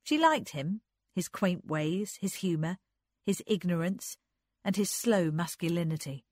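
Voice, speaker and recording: Woman narrator, audiobook, slow, lively pitch, lowish voice, dry close sound. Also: no echo.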